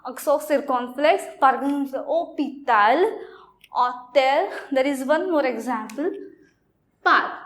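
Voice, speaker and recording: A woman teacher slowly explaining a French lesson, pausing often to say okay. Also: high voice. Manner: slow and explanatory, with frequent okays. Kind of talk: classroom lesson.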